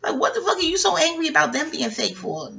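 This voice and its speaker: A woman's voice: high voice, big pitch swings, quick pace, creaky, sharp tone. A woman podcast host and astrologer talking in a rambling, digressive chat, swearing freely. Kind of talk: casual chat.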